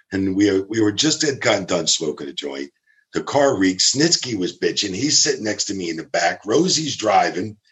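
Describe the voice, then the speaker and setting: A man's voice: fairly low pitch, a bit bright. A man casually telling a long story, acting out quotes of the people in it, swearing and laughing as he goes. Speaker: storyteller guest.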